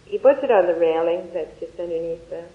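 A Dharma teacher giving a talk in a lively, anecdotal way and closing with a guided meditation. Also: medium pitch, a little fast. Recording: echoey, dull lo-fi room recording.

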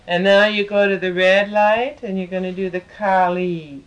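A woman leading a guided mantra practice and explaining how to pronounce each syllable, patient and a little halting. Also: mid-range voice, steady tone, muffled recording. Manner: chants syllables softly, fading to near silence, then explains in a patient, halting way. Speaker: meditation and mantra teacher.

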